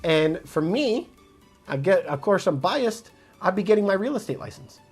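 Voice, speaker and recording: A realtor from Montreal, Canada, fields viewers' chat questions on a phone livestream. The delivery is direct and casual, with a motivational push. The voice sits at a middle pitch, and faint music plays in the background. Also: big pitch swings, normal speed, darkish tone, breathy edge. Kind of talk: livestream Q&A answering chat comments. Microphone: phone mic.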